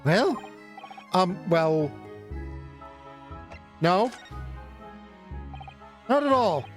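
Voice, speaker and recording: A man's voice: high-pitched, sing-song, very slow, faint music behind, heavily acted. A man voicing an earnest young male law student who talks hesitantly and politely, reading game dialogue.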